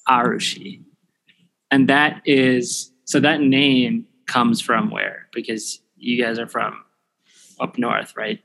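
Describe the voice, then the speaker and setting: A man's voice: mid-range voice, little pitch movement, slow pace, vocal fry, fairly bright tone, low-quality recording. A man hosting his podcast, chatting casually and thinking aloud with ums and restarts. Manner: easygoing, thinking aloud with fillers. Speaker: podcast host. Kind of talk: casual chat. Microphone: headphones, podcast mic.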